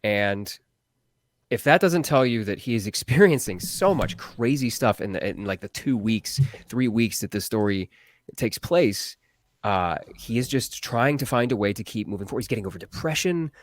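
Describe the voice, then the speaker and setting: A man with a fairly low voice answers questions as a voice actor guest on a casual live stream. He speaks earnestly, stopping and restarting his sentences often. The sound is dry and close. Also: expressive, no room sound. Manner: earnest, halting, many restarts.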